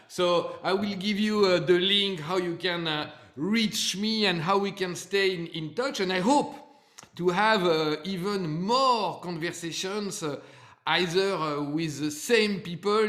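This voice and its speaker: A man's voice: high-pitched, a bit bright, roomy sound. French-accented man hosting a webinar. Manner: friendly, halting with many fillers. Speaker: webinar speaker. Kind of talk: live webinar talk.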